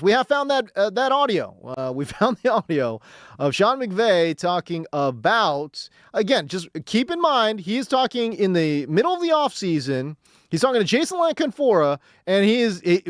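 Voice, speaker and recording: Sports radio guy, laughs a lot, voice jumps all over, dry studio sound. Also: dry recording. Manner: excitable, laughs often, swings from loud to low. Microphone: studio mic.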